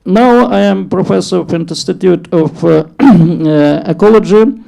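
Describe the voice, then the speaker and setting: A male professor speaks very slowly in a deep-toned, gravelly voice. He pauses often and coughs between halting phrases. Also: mellow. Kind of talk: self-introduction.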